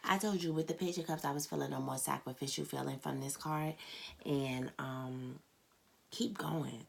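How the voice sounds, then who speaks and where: A woman's voice: deep voice, steady tone, moderate pace, gravelly. A woman giving a casual tarot reading, speaking bluntly and candidly, swearing and calling her viewers "baby" and "cat". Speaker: tarot reader.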